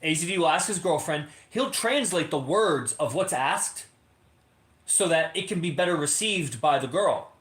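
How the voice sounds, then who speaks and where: A man hosts his podcast in a rambling, emphatic monologue and swears freely as he lectures. His voice sits a little high for a man. The room around him rings with echo. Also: expressive, normal speed, a bit bright. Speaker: podcast host. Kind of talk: casual monologue to members. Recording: echoey room.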